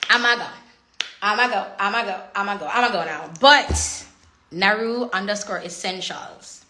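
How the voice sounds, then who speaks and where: A woman's voice: mid-range voice, unhurried, pushed and bright, a little hiss or hum. A young woman chatting casually on a phone livestream, slipping into patois and laughing often. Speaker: social media personality.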